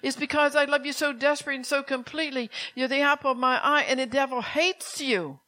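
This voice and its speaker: A woman's voice: sits high, fast, bright, forceful tone, low-quality recording. A woman pastor preaching a sermon to her church, emphatic and exhorting, repeating commands.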